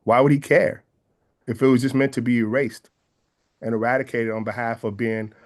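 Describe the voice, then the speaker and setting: A man with a Bay Area accent, from San Francisco's Bay Area, answers interview questions thoughtfully and earnestly, at a measured pace, reworking his points as he goes. His pitch is medium and his tone steady.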